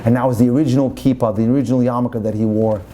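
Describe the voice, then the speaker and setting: A man's voice: fairly even intonation, very fast, mellow, slight background noise. A man, a rabbi, giving an inspirational lecture full of passionate storytelling. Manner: passionate storyteller, turning low and solemn.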